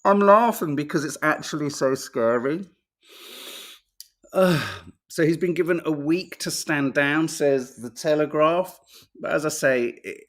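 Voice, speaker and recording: A man co-hosting a podcast, reading out headlines and reacting with laughter and swearing. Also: a little high. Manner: animated, swearing, laughing, mock voices. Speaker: podcast co-host reading newspapers. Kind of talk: casual chat.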